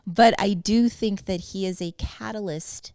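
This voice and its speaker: A woman's voice: mid-range voice, a little slow, a little mellow, no echo, clean studio sound. A woman in her forties hosting a podcast in casual chat, blunt and emphatic, with frequent swearing. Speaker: podcast host.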